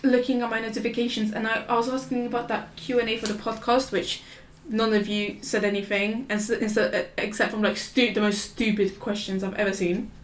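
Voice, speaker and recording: A woman's voice: fairly high pitch, flat delivery, fairly quick, a little hiss or hum. Rambling young woman, roomy sound. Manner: rambling storyteller, restarts often, laughs a lot. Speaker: podcast co-host. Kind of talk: casual chat. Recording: roomy echo.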